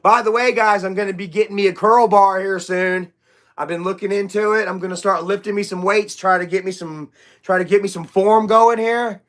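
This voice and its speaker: A man's voice: sits high, steady tone, brisk, fairly bright tone. A young man hosting a casual livestream chat, rambling, loose and profane, with lots of fillers. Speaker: livestream host.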